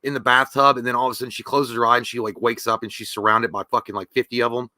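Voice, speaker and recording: Bright-voiced man in crude casual chat. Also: medium pitch, level tone, rapid-fire, no echo. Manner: crude, joking, rambling with many fillers. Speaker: podcast co-host.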